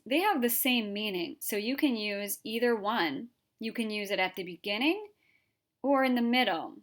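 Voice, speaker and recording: A woman's voice: mid-range voice, a bit bright. A woman teaching an English grammar lesson, explaining patiently and reading example sentences aloud.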